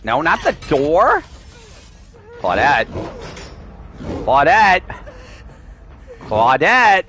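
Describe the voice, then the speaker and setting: A man's voice: on the high side, sing-song, normal speed, pushed and bright, slight background noise. A man giving playful, teasing live commentary while streaming a game, sometimes pleading with other players.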